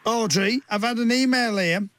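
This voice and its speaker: A man's voice: very high-pitched, moderate pace, fairly bright tone. A man hosting a radio phone-in, prompting a caller with short questions. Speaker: radio host. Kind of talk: phone-in chat.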